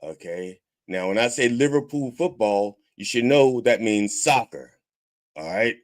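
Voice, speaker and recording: A man's voice: medium pitch, expressive, a little slow. A man hosting a comedic church-style podcast, rambling and swearing with preacher mannerisms. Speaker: host of a mock church podcast. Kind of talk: casual comedic sermon-style talk.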